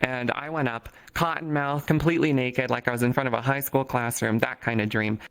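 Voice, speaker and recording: Deadpan, crude-joking man. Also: medium pitch, a little fast, gravelly, clear, resonant tone. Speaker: interview guest. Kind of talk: casual chat.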